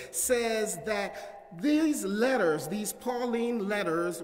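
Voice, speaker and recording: A male pastor preaches in a high, unhurried voice, moving from measured prayer into a rising preaching cadence. The sound carries the long reverb of a church sanctuary. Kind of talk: sermon.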